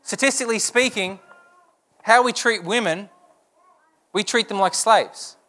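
A man's voice: high-pitched, unhurried, pushed and bright. A young adult man preaching a sermon as pastor, asking earnest repeated rhetorical questions.

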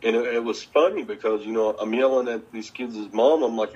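A man's voice: medium pitch, a little fast, hardly any pauses, muffled recording, slight background noise. A man telling wrestling stories in a casual interview, swearing freely and laughing often as he talks. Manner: profane, laughing, animated storytelling.

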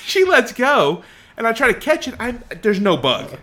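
Unhurried and very high-pitched, this thirty-something podcast co-host animatedly narrates a story in casual chat, putting on the voices of the people he quotes.

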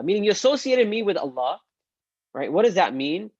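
A male Islamic teacher giving an online religious lesson, animated and acting out quoted speech. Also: sits high, a little fast, slightly rough, no echo, lo-fi sound.

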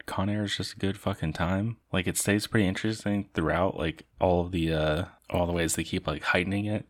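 A young man giving casual, rambling movie reviews, tired and worn out, swearing freely and laughing between his thoughts. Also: low-pitched. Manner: rambling, loose, profane, with fillers and laughs.

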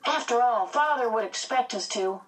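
A woman's voice: on the high side, normal speed, recorded from a distance, voice pushed up, natural voice, rough recording. A woman voicing a brash, protective young boy who speaks with indignant confidence.

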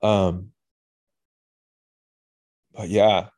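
A man hosting a podcast, talking through his feelings in a halting, candid, emotional way and swearing casually. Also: fairly low pitch, flat delivery, darkish tone. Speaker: podcast host. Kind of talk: personal reflective monologue.

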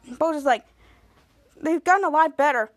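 High-voiced woman recapping a show. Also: normal speed. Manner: acts out characters' lines with lively voices. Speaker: podcast host. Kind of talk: casual episode recap.

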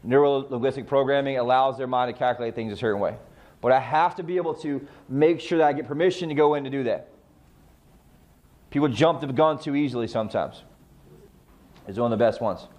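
A sales trainer coaches real estate agents on how to communicate with clients, speaking emphatically and posing rhetorical questions that he answers himself. His voice is medium in pitch and a little mellow, and he talks fairly quickly with frequent pauses.

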